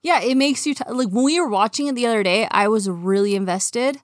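A young woman chatting casually as a co-host, excitable and quick to exclaim. Her voice sits on the high side. The sound is close and dry, with no room around it. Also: no room sound. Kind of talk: casual chat.

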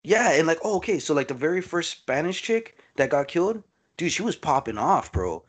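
A man chatting casually about a movie as a podcast co-host, excitable, swearing freely and calling his friend "dude" and "bro.". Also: a little high, a little fast, slightly rough. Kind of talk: casual movie review chat.

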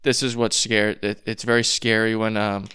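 A young man co-hosting a casual chat, talking in quick restarts and stressing the alarming points. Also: fairly low pitch, level tone, pushed and bright, clear, resonant tone. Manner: talks in fast restarts, emphatic on alarming points.

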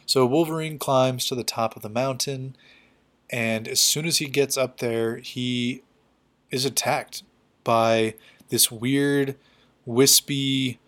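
A man's voice: mid-range voice, fairly bright tone. A man giving a casual, chatty recap of a comic book story, full of loose fillers.

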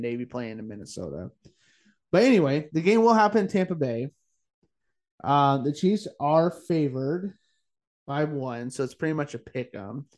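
A tired man co-hosting a casual sports-betting chat late at night, full of "like" and "uh" as he rattles off his picks. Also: medium pitch. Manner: chatty, says "like" and "uh" often, fires off quick picks. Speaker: podcast co-host.

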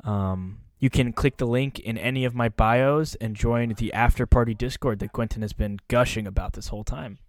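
A man's voice: mid-range voice, fairly even intonation, normal speed, hardly any pauses, no room sound. A man talking loosely and candidly as a podcast guest, swearing now and then. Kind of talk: casual podcast chat.

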